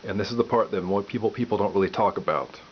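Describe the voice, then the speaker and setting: A man giving a piano lesson, calmly explaining step by step and counting aloud. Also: on the low side, fast, slight background noise. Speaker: piano teacher. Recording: dull lo-fi audio with loud piano.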